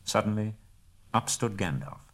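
A man reading a storybook aloud in measured narration, dropping to a hush at quiet moments. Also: lowish voice.

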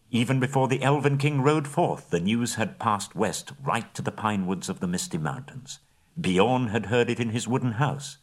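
A man reading a story aloud as an audiobook narrator, with a dramatic delivery. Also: low-pitched. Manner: dramatic, swelling at action, hushed at endings.

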